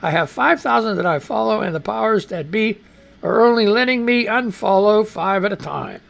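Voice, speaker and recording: A man's voice: high voice, animated, moderate pace, gravelly, a bit bright. A man hosting a live radio news show, rambling and reading listener comments with profane asides and an American accent. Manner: rambling, profane, exclaiming and laughing.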